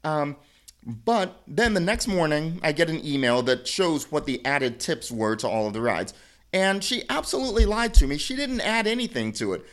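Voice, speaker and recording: A man's voice: a little high, moderate pace. Guy telling a story, bouncy voice, laughs a lot, keeps restarting. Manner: animated, laughs often, rambling with restarts. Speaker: podcast co-host. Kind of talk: casual chat, storytelling.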